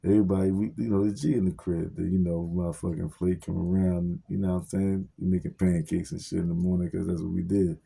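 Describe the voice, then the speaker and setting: Young man, street slang, profane, deep voice, husky tone. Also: flat delivery, quick pace, hardly any pauses, warm tone. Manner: profane street slang, lots of fillers, acts out dialogue. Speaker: storyteller. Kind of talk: casual personal story.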